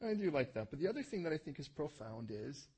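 A man's voice: a little high, sing-song, fast talker, a little mellow, slightly rough. A man giving a conversational sermon in church, telling the story and asking his listeners rhetorical questions. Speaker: preacher.

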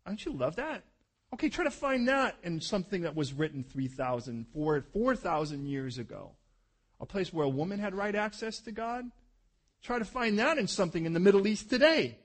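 Male pastor, sermon, husky voice, slightly high pitch, animated storytelling. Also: normal speed. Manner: animated storytelling, acts out voices, drops soft for tender moments.

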